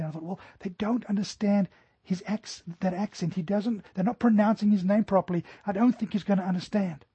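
A middle-aged man preaching a sermon earnestly, slowing down to stress scripture. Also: high voice, steady tone, warm tone, slightly rough, dry recording. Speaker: pastor. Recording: dry, dull lo-fi recording.

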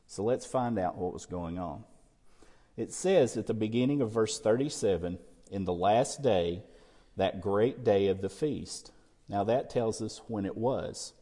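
A man's voice: on the low side, mellow, in a large hall. A man preaching a sermon, explaining scripture and asking the congregation rhetorical questions. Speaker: pastor.

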